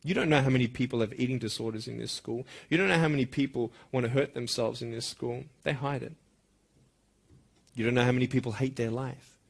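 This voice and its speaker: A man giving a motivational speech to school students, impassioned and swinging from soft, intimate lines to loud, emphatic ones. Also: medium pitch, a little fast, creaky, husky.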